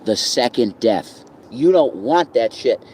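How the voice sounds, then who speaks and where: A reverend talking casually outdoors in a rambling, profane, preachy rant. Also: male voice, mid-range voice, expressive, slow, darkish tone, a little hiss or hum, rough recording.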